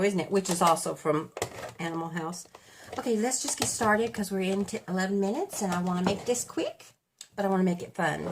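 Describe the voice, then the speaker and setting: A woman's voice: mid-range voice, noisy background. A woman in her fifties chatting casually as a beauty vlogger, rambling and correcting herself as she goes while getting ready at home. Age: 50s. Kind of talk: casual chat.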